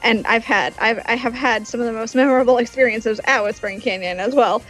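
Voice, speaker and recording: Female panelist, slightly high voice, enthusiastic and chatty, faint music behind. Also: a little fast, fairly bright tone, poor audio. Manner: enthusiastic, fond, giggly. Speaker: podcast panelist. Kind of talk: casual podcast chat.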